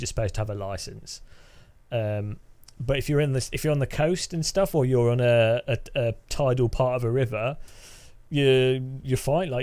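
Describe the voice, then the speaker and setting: A man's voice: mid-range voice, a little mellow. A man talks to his live-stream chat while playing a game. He rambles, restarts sentences often, and laughs a lot. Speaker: gaming streamer.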